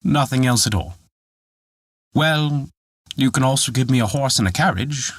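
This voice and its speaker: A man's voice: medium pitch, lively intonation, normal speed, dry recording, clean studio sound, voice pushed up. A man voicing an eager, discontented young charcoal burner who pleads for wishes.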